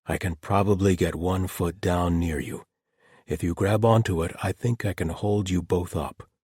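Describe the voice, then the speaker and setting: A man voicing a male paladin warrior who speaks with eerie, measured calm. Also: low voice, breathy edge, dry recording, clean studio sound. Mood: steady.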